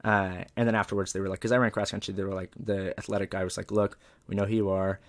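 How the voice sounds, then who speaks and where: A man's voice: deep voice, level tone, quick pace. A man from Southern California, a comedian guest, telling a story in a laid-back, profane way and saying "like" and "dude" a lot.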